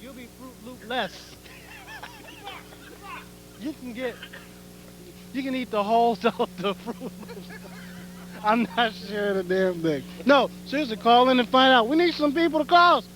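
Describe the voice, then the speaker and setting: High-voiced guy joking around live, swearing a bit, old tv tape hiss. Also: unhurried, long pauses, fairly bright tone, poor audio. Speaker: telethon participant eating cereal. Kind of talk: joking live broadcast banter.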